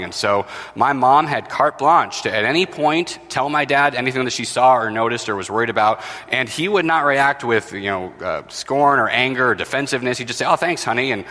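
Pastor, 30s, bright, forceful voice, storytelling sermon, long church reverb. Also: male voice, mid-range voice. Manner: storytelling with acted-out quotes, self-deprecating. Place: church sanctuary.

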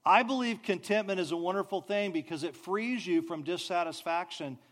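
A man preaching a sermon, telling stories with animated delivery and soft, drawn-out sighs. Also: high-pitched. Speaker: pastor.

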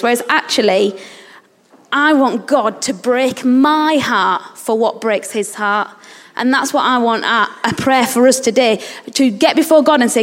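A woman's voice: a little high, a little slow. A woman preaching a sermon, earnestly putting questions straight to her listeners. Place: church service. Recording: long hall reverb.

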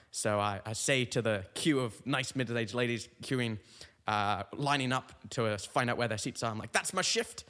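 A man's voice: mid-range voice, pushed and bright, big-room sound. A young man hosting a comedy podcast, telling meandering, self-mocking stories full of tangents. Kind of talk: rambling comic monologue.

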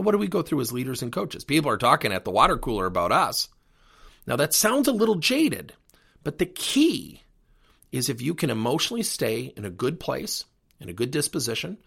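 Middle-aged man, podcast host and coach, husky, gravelly voice, very lively pitch. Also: normal speed. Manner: animated, earnest coaching delivery. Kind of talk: solo podcast talk.

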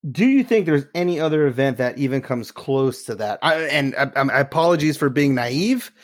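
A man's voice: mid-range voice, expressive, normal speed. A man hosting a casual chat, laid-back and swearing freely as he asks questions.

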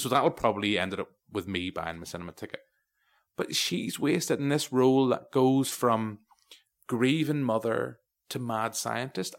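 Low-voiced Irish man, rambling film chat. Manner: rambling, wry, restarts and asides. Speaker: podcast host. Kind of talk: casual film review chat.

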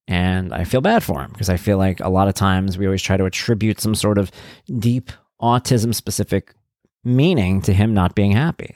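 A middle-aged man hosting a podcast, telling stories about his son in a casual, animated way and getting worked up as he talks. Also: low voice, no room sound, studio quality. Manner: animated storytelling, gets worked up, acts out quotes. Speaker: podcast host, parent of an autistic son.

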